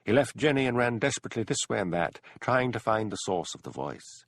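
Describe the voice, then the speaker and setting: A man narrating a mystery audiobook in an expressive storytelling voice, close to a studio mic. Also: on the low side, fairly quick, no room sound.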